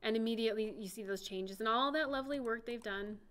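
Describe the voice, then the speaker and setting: A woman with a slightly high voice leads a software class in a casual, chatty way. She talks through every click and keystroke as she works. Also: quick pace. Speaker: CAD instructor. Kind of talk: software demonstration lecture.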